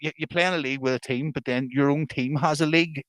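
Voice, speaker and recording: Male co-host, sweary banter, voice a touch higher than most men, dry close sound. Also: steady tone, quick pace, fairly bright tone, no room sound. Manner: joking, sweary, laughs often. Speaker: podcast co-host. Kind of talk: casual chat.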